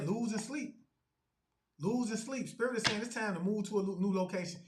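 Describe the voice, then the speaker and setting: A man with a high, somewhat bright voice acts as a spiritual medium, giving a tarot reading to his channel's viewers. He speaks emphatically and repetitively, calling on spirit aloud between statements, and the audio quality is poor.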